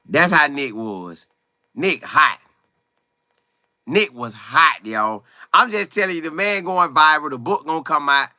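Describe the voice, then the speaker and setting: Bright-voiced man chatting live. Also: fairly high pitch, dry recording, studio quality. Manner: animated, greets viewers by name, talks in quick bursts. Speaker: livestream host. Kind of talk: casual live chat about football.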